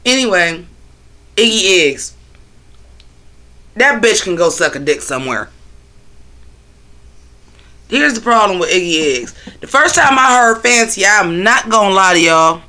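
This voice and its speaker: A man's voice: high-pitched, expressive, measured pace, pauses often, pushed and bright. A man hosting a casual livestream on his phone, talking loosely and profanely while answering his chat. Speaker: livestream host.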